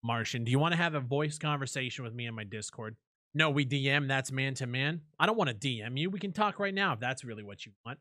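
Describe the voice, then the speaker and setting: Brash, sharp-toned streamer man ranting. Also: medium pitch, expressive, quick pace, dry recording, studio quality. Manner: profane and combative. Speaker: streamer and YouTube host. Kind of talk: heated live-stream rant and argument.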